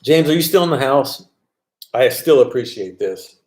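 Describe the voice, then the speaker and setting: A man's voice: mid-range voice, animated, moderate pace, a little mellow. A man casually chatting on a live stream, reading viewer comments aloud and answering them. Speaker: vlogger answering live chat.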